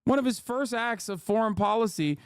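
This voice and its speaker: A man's voice: sits high, lively intonation, fairly quick, clean tone, dry recording, studio quality. A man in his thirties streaming, ranting angrily and sarcastically at his chat about politics, with constant swearing. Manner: profane, heated, sarcastic. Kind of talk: angry political rant.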